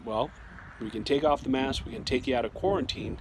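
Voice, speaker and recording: A man's voice: medium pitch, lively intonation, a little fast. A man telling a personal story in a casual, conversational way, often restarting his sentences and acting out what was said to him. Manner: conversational, with frequent restarts and quoted dialogue. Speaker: storyteller sharing a personal experience. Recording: loud background noise.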